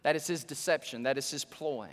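A male pastor preaching a sermon, his voice surging up for emphasis and dropping low. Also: fairly quick. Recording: long hall reverb.

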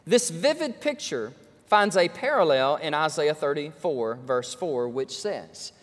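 Male preacher, emphatic sermon, high voice, swooping pitch, long reverb. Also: animated, measured pace. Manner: emphatic, rhetorical questions.

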